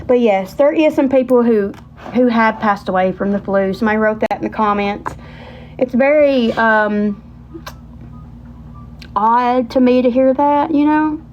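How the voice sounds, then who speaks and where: A woman in her thirties with a high, bright voice hosts a livestream, telling stories casually at a moderate pace. Chatty and animated, she rambles and piles on Southern colloquial asides. The audio is a little dull and lo-fi.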